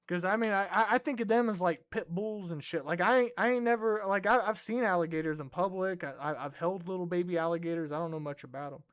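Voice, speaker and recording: Male comedy host, high and smooth voice, swears a lot, rambles through his stories. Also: fast talker, few pauses, fairly bright tone. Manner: profane, rambling storyteller. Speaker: podcast host. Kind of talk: casual comedic commentary.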